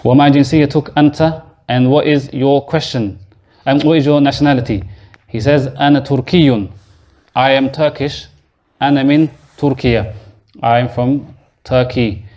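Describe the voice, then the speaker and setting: In a mosque classroom, a male Arabic teacher takes beginners through a lesson step by step, quizzing his students along the way. His voice is medium-pitched, steady and somewhat dark, and he speaks a little slowly.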